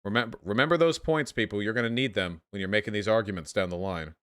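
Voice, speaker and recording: A young man hosting a livestream, reacting to chat with sarcastic, animated commentary full of swearing. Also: on the low side, fast. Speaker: livestream host.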